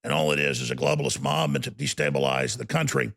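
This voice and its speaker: A man's voice: rumbling low, big pitch swings, gravelly, a bit bright, breathy edge. A man hosting a political talk show, talking in an emphatic, incredulous way. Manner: emphatic, incredulous, fast-shifting delivery.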